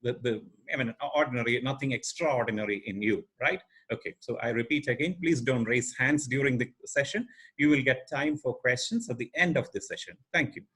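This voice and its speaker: A man's voice: medium pitch, brisk, fairly bright tone, breathy edge. A middle-aged man giving an online training lecture as a corporate trainer, emphatic and asking the audience rhetorical questions.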